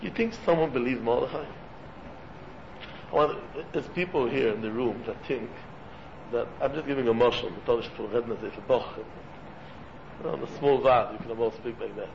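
A man giving an animated sermon-like talk as a religious teacher, jumping in pitch as he acts out stories and sprinkling in Hebrew and Yiddish terms, in a room with listeners. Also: normal speed, gravelly, long pauses. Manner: animated, acts out quoted dialogue, sudden pitch jumps. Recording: muffled recording with faint room noise.

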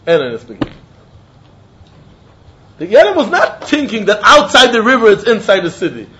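A man teaches a Talmud lesson in a high, lively voice that leaps up and down. He talks animatedly and acts out the quotes. The recording sounds dull and lo-fi. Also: a little fast, a little hiss or hum. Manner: animated, acts out quotes, mixes in Yiddish and Hebrew terms.

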